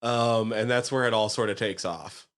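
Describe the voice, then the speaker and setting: Lower-voiced young man, rambling podcast banter. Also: normal speed, fairly bright tone, clean tone. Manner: enthusiastic, rambling with many likes and ums. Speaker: podcast co-host. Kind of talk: casual chat.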